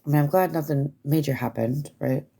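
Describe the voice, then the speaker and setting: Woman, very low voice, gravelly fry, casual livestream chat, rambling, swears. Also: fairly quick, warm tone. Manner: rambling, swears freely, many fillers.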